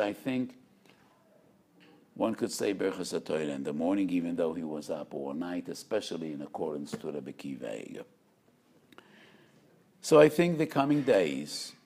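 A man, a rabbi, giving a measured, emphatic Torah lecture with storytelling. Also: low-pitched, darkish tone.

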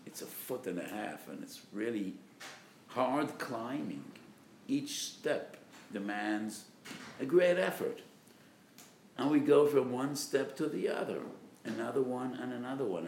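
A man's voice: medium pitch, a little slow, a little mellow, reverberant, a little hiss or hum. A man giving an impassioned sermon as a rabbi, his voice swelling to emphatic peaks. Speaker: rabbi giving a Torah lecture.

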